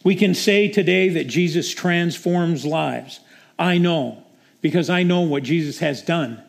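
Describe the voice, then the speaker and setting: A man's voice: a little high, unhurried, gravelly. A male preacher delivering a sermon with dramatic storytelling.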